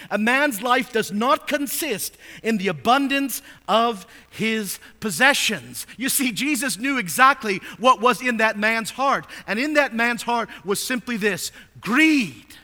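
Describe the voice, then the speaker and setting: A man preaching a sermon in a church sanctuary, his voice high and bright. He drops to hushed, low asides and then rises into loud, emphatic readings of scripture. The sound rings with the long reverb of a large hall. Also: animated, unhurried, few pauses. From United States. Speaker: pastor.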